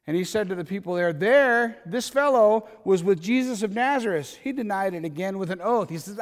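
A man preaching a sermon in a conversational way, alternating loud emphatic lines with quiet asides. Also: high-pitched, animated, brisk, hardly any pauses, long reverb tail. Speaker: pastor.

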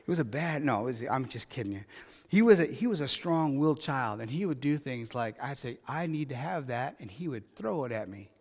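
A middle-aged man preaching a sermon, talking conversationally and building to loud, emphatic passages. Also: mid-range voice, animated, a little fast. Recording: long reverb in a large hall.

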